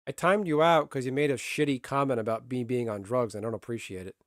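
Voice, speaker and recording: A man's voice: mid-range voice, fast talker, dry recording, clean studio sound. A male streamer in casual live-stream chat, blunt and grumbling, swearing freely.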